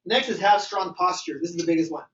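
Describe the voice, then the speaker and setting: High-voiced male sales trainer, echoey room. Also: fast talker. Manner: energetic, acts out phone calls and dialogues. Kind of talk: motivational training talk. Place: meeting room with a live group. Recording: echoey room, far from mic, dull sound.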